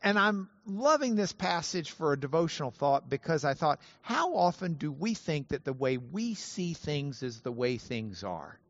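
A man teaching a Bible lesson to an audience, animated and playful, spelling out Hebrew words slowly. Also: a little high, no echo, highs cut off. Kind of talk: lively teaching talk to an audience.

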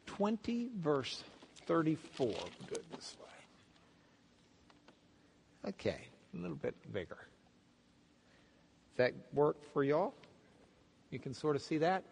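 A man teaching a Bible class as a pastor, telling the story with lively acted-out voices. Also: fairly high pitch, slow, gravelly, long pauses, big-room sound, slight background noise. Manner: animated storytelling, acts out voices of the crowd and blind men. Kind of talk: sermon.

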